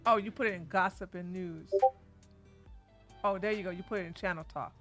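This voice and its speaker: A woman hosting a casual livestream, chatting animatedly and breaking into loud outbursts. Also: fairly low pitch, fairly even intonation, a little fast, faint music behind. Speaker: livestream commentary host.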